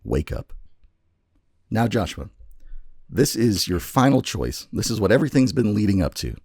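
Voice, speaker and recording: A podcast co-host with a deep, husky, gravelly male voice spins a choose-your-own-adventure tale, mixing casual chat with slow, dramatic narration. His delivery is lively, and the sound is dry and close with no echo.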